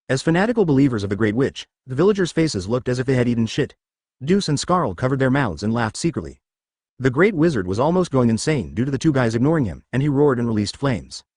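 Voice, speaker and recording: A male synthetic narrator reads a fan story aloud, his pitch ranging widely. The recording is close and dry with no echo, and censored words are voiced as letters and asterisks.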